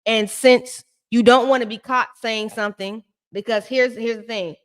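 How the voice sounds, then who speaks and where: A woman's voice: fairly high pitch, fairly even intonation, normal speed. A woman giving blunt, sassy, slang-filled casual commentary while recapping a reality TV show.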